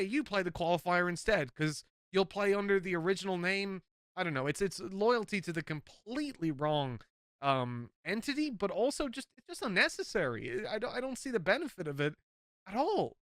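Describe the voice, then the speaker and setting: Irish caster, bright forceful tone, dry close mic, blunt and sweary. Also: male voice, high voice, no echo. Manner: blunt, frequent swearing, emphatic rants. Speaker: esports caster. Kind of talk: casual podcast chat.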